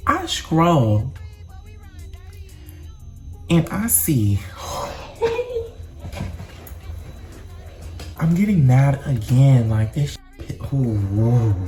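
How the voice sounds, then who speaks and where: A young man vlogging a casual storytime, animated and dramatic, full of slang and swearing. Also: mid-range voice.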